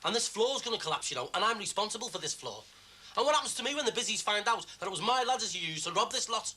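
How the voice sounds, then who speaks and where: Aggrieved man, high, fast, bright voice, self-pitying. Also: animated, slight background noise. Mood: indignant. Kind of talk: TV soap acting.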